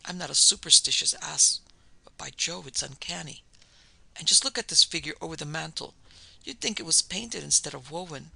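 A man voicing a young gentleman who is unnerved but proud, speaking in a hushed, shaken whisper. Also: on the high side, moderate pace, vocal fry, breathy edge, no echo, heavily acted, low-quality recording. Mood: hushed, uneasy.

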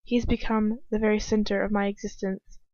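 A woman's voice: medium pitch, level tone, fairly quick, a little mellow, no room sound, lo-fi sound. A woman reading a first-person story aloud casually, sometimes stopping to comment on the text. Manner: casual, breaks off to comment and laugh. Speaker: fanfiction reader.

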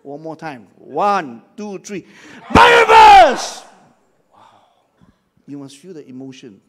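An older male pastor preaches a dramatic sermon in a somewhat high, expressive voice, taking his time. He leads the congregation in call-and-response shouts.

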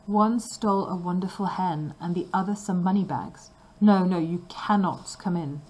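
A woman's voice: lowish voice, normal speed, a little mellow, slight background noise, lightly acted, poor audio. A woman voicing the ogre's wife, a stern woman who cries out and brushes things off. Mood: refusing. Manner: crying out and dismissive.

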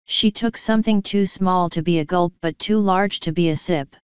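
A woman narrating a novel aloud in steady storytelling. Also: lowish voice, moderate pace, clear, resonant tone, dry recording. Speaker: audiobook narrator. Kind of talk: scripted narration. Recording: dull lo-fi audio.

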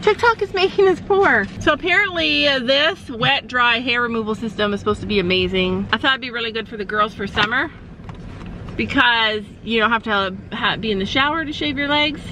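A woman's voice: fairly high pitch, fairly quick, bright, forceful tone, slight background noise, low-quality recording. A woman chatting upbeat to camera in a casual vlog while walking outdoors on a farm, laughing often. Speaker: vlogger, mother. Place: outdoors on a farm, walking through woods and fields.

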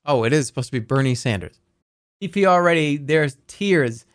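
A man's voice: fairly high pitch, animated, moderate pace, smooth, dry recording. A man streaming a game live, rambling playfully and reading viewer messages aloud.

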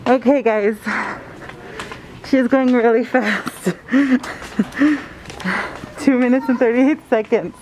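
A woman's voice: a little high, drawn-out words, long pauses, darkish tone. A woman hosting a casual vlog in a large store, talking chattily to viewers with frequent giggles, on a handheld phone camera. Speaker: vlog host. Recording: noisy store ambience.

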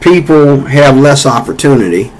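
An American man with a mid-range voice and lively intonation talks at normal speed in his vlog. His political rant wanders and repeats, is full of fillers, and heats up over time. The recording is rough.

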